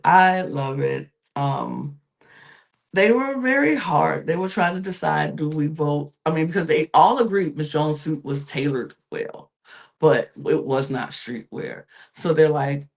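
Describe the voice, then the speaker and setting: A gossipy podcast co-host talking through a reality-TV recap in a loose, chatty way, with plenty of vocal fry and a gravelly edge. The pitch sits in a middle range. The host trails off into fillers and speaks straight to the viewers. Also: expressive, a little slow. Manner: addresses viewers directly.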